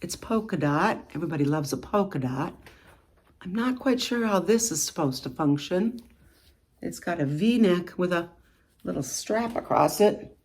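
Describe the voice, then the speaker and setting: A woman's voice: lowish voice, lively intonation, normal speed, a little mellow, slightly rough. A woman vlogging her thrift haul, chatting playfully to viewers as she shows clothing and items. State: out of breath.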